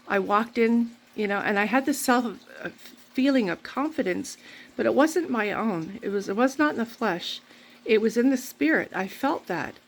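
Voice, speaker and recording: A woman's voice: fairly high pitch, normal speed. A woman vlogging, telling a rambling, candid personal story full of faith talk. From Canada.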